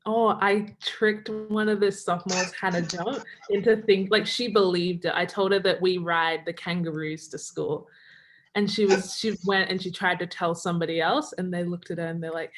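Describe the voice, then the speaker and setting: A woman's voice: on the low side, fairly even intonation, moderate pace. A young Australian woman, a college basketball player, chatting casually on a video call, full of "like" fillers and laughing often. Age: young adult. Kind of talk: casual remote interview.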